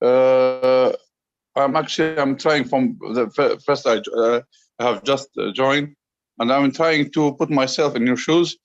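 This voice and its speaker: Halting man on dull call audio. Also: mid-range voice. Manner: halting, many "uh"s and restarts, earnest and soothing. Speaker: group member and teacher. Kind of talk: hesitant, conciliatory remarks on a call. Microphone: online call.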